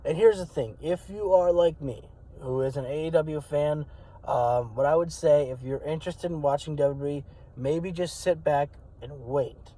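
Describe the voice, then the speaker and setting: A man chatting loosely to his viewers, full of ums and you-knows as he rambles along. His voice sits a bit on the high side and cracks a little. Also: moderate pace, mellow, low-quality recording. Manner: rambling, many fillers. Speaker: wrestling channel host. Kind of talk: casual talk to camera.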